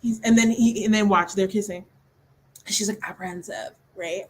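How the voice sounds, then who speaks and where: A woman's voice: mid-range voice, steady tone, normal speed, a little hiss or hum, rough recording. A young woman hosting a book club livestream, chatting casually and animatedly, laughing often and acting out scenes in voices. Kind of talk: casual chat.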